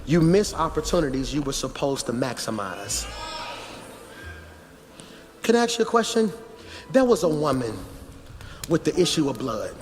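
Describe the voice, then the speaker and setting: High-voiced preacher man in a reverberant hall. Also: sing-song, moderate pace, pauses often. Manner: conversational preaching that builds to shouting. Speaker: pastor. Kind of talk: sermon. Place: large church hall. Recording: church hall reverb with music behind.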